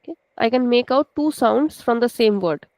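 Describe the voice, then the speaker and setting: A woman's voice: fairly high pitch, animated, moderate pace, darkish tone, dry recording, rough recording. A woman with an Indian accent, a native Hindi speaker, teaching a language class over a video call and patiently checking in with her students. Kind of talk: online class lecture.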